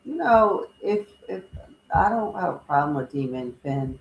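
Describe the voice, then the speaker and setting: Opinionated co-host with a gravelly voice, chatty, recorded in an echoey room with faint noise. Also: mid-range voice, sing-song, unhurried. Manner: chatty, opinionated commentary on matches. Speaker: co-host of a wrestling watch-along. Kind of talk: casual live-stream chat.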